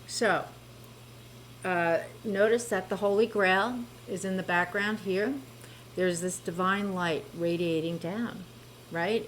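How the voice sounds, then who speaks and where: A woman giving a spoken tarot reading, gentle and reassuring, talking to the listener about cards and spiritual healing. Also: fairly low pitch, slight background noise, poor audio. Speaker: tarot reader.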